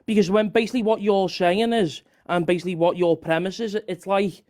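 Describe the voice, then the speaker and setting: A man's voice: high voice, steady tone, fairly quick, darkish tone. A man arguing in a heated online debate, rambling and repeating himself.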